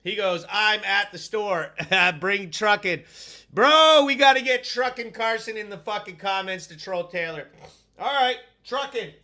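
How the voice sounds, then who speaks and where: A man hosting a live stream on his own, reading out viewer comments and giving shout-outs in a loud, profane, hyped way. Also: sits high, lively intonation, measured pace. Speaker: host.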